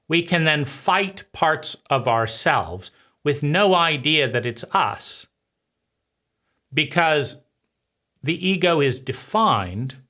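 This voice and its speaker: A man hosting his own channel, giving a slow, deliberate philosophical monologue with frequent pauses between phrases. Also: mid-range voice, sharp tone. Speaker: channel host.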